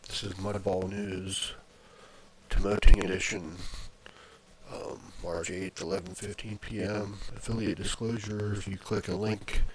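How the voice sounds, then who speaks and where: A man's voice: sits low, a little hiss or hum. A man casually narrating his own screen recording into a desk microphone, rambling with fillers and restarts. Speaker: video blogger. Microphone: plugged-in desk microphone.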